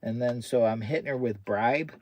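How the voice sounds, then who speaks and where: A medium-pitched, slightly mellow male voice at normal speed belongs to an American camping vlogger. He's chatting casually on a livestream from a hot tent, regularly using baby talk with his dog.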